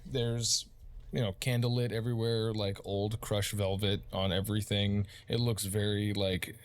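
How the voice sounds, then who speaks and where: Low-voiced casual game master man. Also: little pitch movement, moderate pace, a little hiss or hum. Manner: casual, rambling, many fillers. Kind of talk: narrating a tabletop game.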